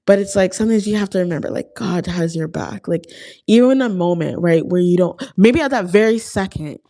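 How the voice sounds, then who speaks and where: A woman's voice: fairly low pitch, a little fast, creaky, mellow. A young woman vlogger talking casually and earnestly to her viewers about faith, with lots of "like" fillers. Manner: chatty and heartfelt, frequent "like" fillers. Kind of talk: casual faith talk to camera.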